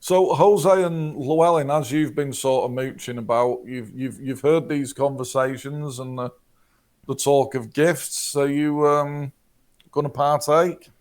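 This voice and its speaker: A man's voice: medium pitch, fairly even intonation, unhurried, darkish tone. A man narrating as game master, who often repeats words and laughs.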